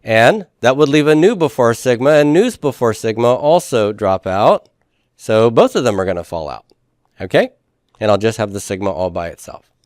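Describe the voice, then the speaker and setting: Animated and a little mellow, the male Greek teacher's mid-range voice moves at a moderate pace in a clean studio recording without echo. He teaches his lecture one step at a time, checks understanding with "right?" and "okay?", and keeps things playful with jokes and puns.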